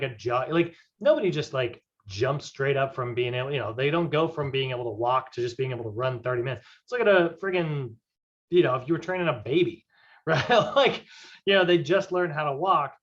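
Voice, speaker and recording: A man's voice: on the high side, a bit bright. Casual man lecturing a fitness class. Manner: casual, conversational, frequent "right?" check-ins. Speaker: fitness instructor. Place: classroom with whiteboard. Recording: dull lo-fi classroom recording.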